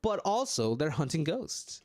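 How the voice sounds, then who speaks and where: A man's voice: a little high, very animated, unhurried, darkish tone, pitched above the performer's own voice. A man voicing a perky, teasing young woman in a game. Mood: excited. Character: bubbly, cheeky young woman, daughter. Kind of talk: reading a dating-game script aloud.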